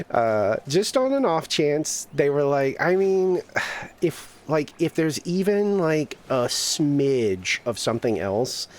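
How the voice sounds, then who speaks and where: A man's voice: a little high, slow pace. A man streaming a game and chatting casually, telling stories with lots of laughter and swearing. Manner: animated storyteller, laughs often, swears freely. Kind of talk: casual chat while gaming.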